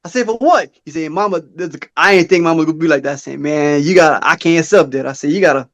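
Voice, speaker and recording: Podcast co-host, man, high voice, earnest casual storyteller. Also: fast, a bit bright. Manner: earnest storytelling, acts out quoted dialogue in a high voice.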